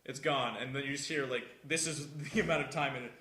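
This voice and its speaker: A man's voice: medium pitch, steady tone, fast, sharp tone. A young man telling a story casually to friends on a podcast, laughing often as he goes. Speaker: podcast co-host. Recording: echoey room.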